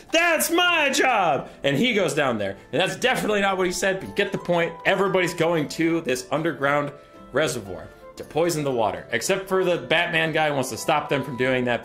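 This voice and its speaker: Animated sarcastic young guy retelling lore. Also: fairly high pitch. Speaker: video creator. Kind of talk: comedic lore recap.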